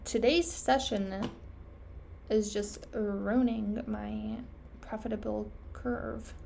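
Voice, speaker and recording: A woman's voice: medium pitch, steady tone, takes it slowly, vocal fry, darkish tone, a little hiss or hum. A young woman trader thinking aloud over her charts, self-critical and trailing off, losing her voice. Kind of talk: casual self-talk screen recording.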